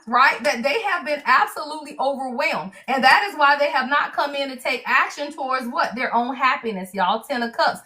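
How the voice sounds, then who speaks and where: A woman giving a livestream tarot reading, lively and salty, cursing freely and throwing in "y'all.". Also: high voice. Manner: animated, salty, cusses freely, keeps saying y'all. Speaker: tarot reader.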